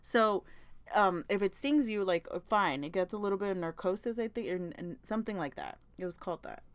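A woman's voice: medium pitch, fairly quick, dry recording. A young woman hosting a casual chat, ranting emotionally with lots of swearing, fillers and restarts. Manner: profane, emotional rant with many fillers and restarts.

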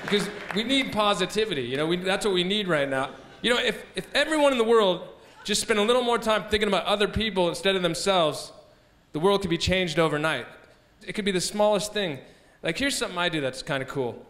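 A man's voice: high voice, lively intonation, brisk, fairly bright tone. A man doing a stand-up comedy set on a festival stage, with a laid-back, rambling delivery and frequent restarts. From United States. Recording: live stage mic with background noise.

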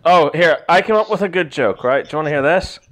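A man on a podcast rattles off crude, swear-laden jokes and giggles at his own lines. His voice sits a little high and swings lively up and down. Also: fast talker. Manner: profane, giggly, animated storytelling. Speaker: podcast co-host. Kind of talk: crude comedy banter.

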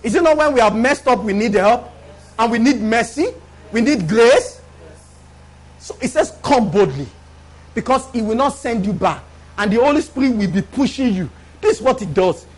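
High-voiced male preacher, call-and-response. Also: lively intonation, normal speed. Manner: preaches with call-and-response, often asking the congregation if they follow; repeats words for emphasis. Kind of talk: live sermon. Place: church before a congregation.

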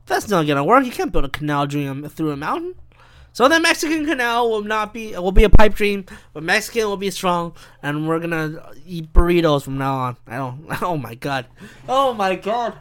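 A man's voice: sits high, fairly bright tone, clean tone, no room sound, studio quality. A man hosting a solo podcast, rambling and interrupting himself as he riffs and laughs at his own jokes. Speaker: podcast host.

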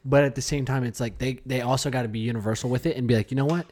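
A man's voice: mid-range voice, steady tone, very fast, darkish tone. Opinionated man who laughs a lot. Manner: opinionated, laughs often, acts out quoted voices. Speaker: podcast co-host. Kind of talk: casual chat.

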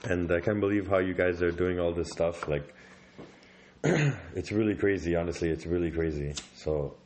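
A man's voice: deep voice, normal speed, a little mellow, slight background noise. A man hosting a comedy podcast in a loose way, swearing casually and trailing off. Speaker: podcast host.

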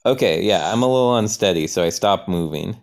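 A man's voice: low-pitched, expressive. A man playing along in an improvised story game, narrating his own actions with hesitant restarts and questions. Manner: halting, questioning, self-narrating. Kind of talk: improvised role-play.

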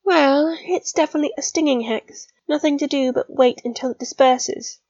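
A woman voicing a bossy young schoolgirl with a brisk, matter-of-fact manner, in a dry, slightly dull recording. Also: sits high, a little mellow, dry recording, pitched above the performer's own voice.

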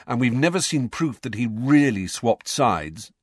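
A man reading aloud voices a suspicious teenage boy who talks slowly, darkly and stubbornly. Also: medium pitch, very animated, no room sound, studio quality, voice pushed up. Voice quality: slow, dark, stubborn.

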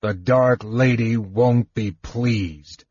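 A man voicing a big, stern male warrior who speaks in a deep, growling, curt way, in a storybook reading. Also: very slow, darkish tone, slightly rough, no room sound. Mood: cold. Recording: dull lo-fi dry recording.

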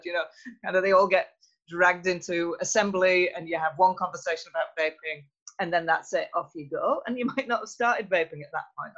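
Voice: medium pitch, fairly bright tone. Thoughtful interview guest, dull lo-fi audio. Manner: thoughtful, measured, with frequent fillers. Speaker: interview guest, youth health researcher. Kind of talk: conversational interview.

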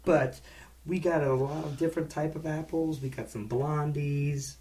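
A man's voice: a little high, fairly even intonation, normal speed, warm tone. A man co-hosting a casual podcast, bantering and joking with his co-host. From Long Island. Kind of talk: casual chat. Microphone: headset.

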